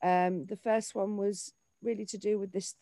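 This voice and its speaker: A woman in her forties, an actor and children's author, talking in an animated way in a casual interview, often restarting her sentences. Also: mid-range voice, normal speed, creaky, dry recording. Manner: animated, with frequent restarts and fillers.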